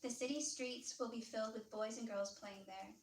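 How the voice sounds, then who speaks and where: A woman's voice: fairly high pitch, fairly even intonation, background noise. Southern American woman reading scripture in an echoey hall. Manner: measured, formal reading. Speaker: scripture reader. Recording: echoey church room from far off.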